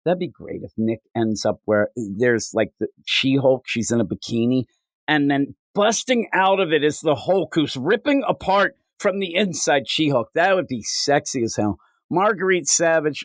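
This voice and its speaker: A man's voice: medium pitch, dry recording, clean studio sound. A man hosting a comics podcast, riffing jokily and putting on silly voices. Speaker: podcast host. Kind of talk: casual comedic chat.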